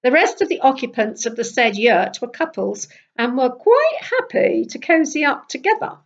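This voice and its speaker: An older woman from Britain reading her travel memoir aloud in a lively, wry storytelling manner. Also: high-pitched, normal speed, lo-fi sound.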